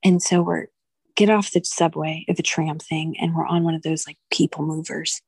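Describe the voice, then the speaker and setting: A woman in her thirties speaks with a low, husky voice with a gravelly edge. She recounts her experience in an emotional, halting way, restarting her sentences. The sound is close and dry. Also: flat delivery, a little mellow, no room sound. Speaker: podcast guest, doula. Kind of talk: candid personal storytelling.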